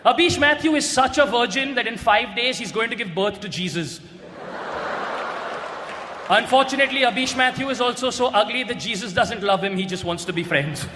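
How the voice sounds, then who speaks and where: A man doing a stand-up roast set, brash and often shouting his punchlines on a stage mic. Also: extremely high pitch, moderate pace. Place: large hall with a live audience. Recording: echoey hall, loud crowd and noise.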